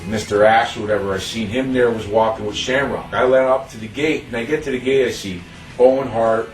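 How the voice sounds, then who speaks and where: A man's voice: mid-range voice, a little fast, distant mic, soft background music. Rambling man in an echoey room. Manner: rambling, blunt, quotes himself. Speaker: interviewee. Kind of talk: casual storytelling. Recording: echoey room, away from the mic.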